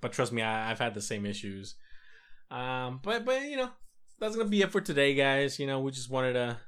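Young man, mid pitch, relaxed reflective co-host. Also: normal speed, smooth. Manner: relaxed and reflective, acts out his own thoughts. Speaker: podcast co-host. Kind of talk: casual chat.

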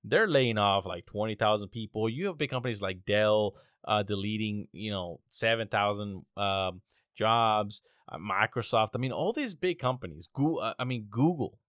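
A man's voice: on the low side, lively intonation, moderate pace, fairly bright tone, no echo, studio quality. A young man hosting a casual, rambling monologue, exasperated and swearing often. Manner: exasperated, profane, rambling with restarts.

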